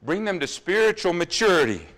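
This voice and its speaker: Earnest preacher, lively questioning sermon. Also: male voice, sits high, brisk. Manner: earnest, asks the congregation many questions; drops to quiet asides about running over time. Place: church.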